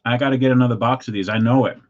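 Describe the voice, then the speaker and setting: A man's voice: mid-range voice, racing. Guy doing a live snack review, super hyped and chatty, kinda dull lo-fi sound. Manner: excitable, chatty, gushing. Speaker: food reviewer host.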